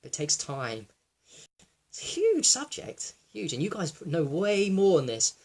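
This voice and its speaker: A young man in a raw personal monologue, reflective and halting, with many fillers and restarts, sometimes close to tears. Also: a little high, huge pitch swings, a little mellow. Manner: emotional, close to tears at times. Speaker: wellness vlogger.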